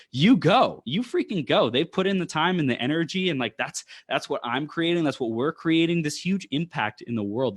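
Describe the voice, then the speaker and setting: A fired-up man talking as a guest in a motivational tone, repeating phrases as he builds to his point. His voice sits at an ordinary male pitch, and the recording is dry and close, with no room around it. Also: no room sound. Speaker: podcast guest. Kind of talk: enthusiastic casual chat.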